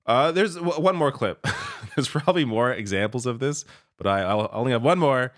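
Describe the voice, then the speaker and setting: Guy ranting over news clips, sarcastic, laughs a lot, mid-pitch voice. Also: normal speed. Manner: sarcastic, exasperated, laughs often. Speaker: political commentator.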